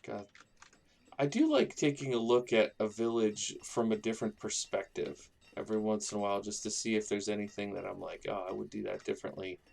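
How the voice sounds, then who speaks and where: A man's voice: fairly low pitch, a little fast, vocal fry, a little mellow. A man casually commenting on his own gameplay, rambling and thinking aloud as he builds a town. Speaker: gaming YouTuber.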